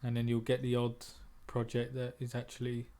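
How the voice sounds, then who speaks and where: A man's voice: mid-range voice, completely flat delivery, moderate pace, dark tone. A man, a trader and moderator, talking bluntly in a casual group discussion, often repeating words as he thinks.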